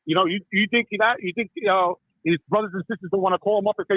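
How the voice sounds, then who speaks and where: A man's voice: sits high, fast talker, no room sound. A middle-aged man calling in, upset and impassioned, who keeps repeating "listen" and "okay". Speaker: caller. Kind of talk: emotional call-in talk. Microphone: phone. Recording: tinny phone line.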